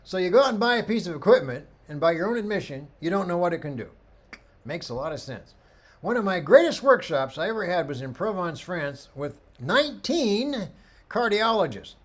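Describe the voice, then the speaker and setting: Middle-aged male photography instructor, fairly high voice, very animated delivery. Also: normal speed. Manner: animated storyteller, acts out quoted voices. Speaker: photography workshop teacher. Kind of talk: lively photography talk with anecdotes.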